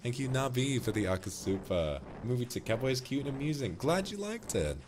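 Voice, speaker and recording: A man's voice: medium pitch, very animated, a little fast, noisy background. A man streaming, casually chatting and reading out viewer donations in a teasing, affectionate way.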